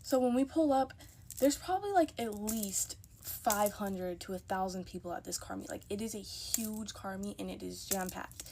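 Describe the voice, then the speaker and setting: A woman's voice: mid-range voice, moderate pace, gravelly, a little mellow, a little hiss or hum. A young woman telling a casual storytime into her phone, chatty and emphatic, acting out the people in her story.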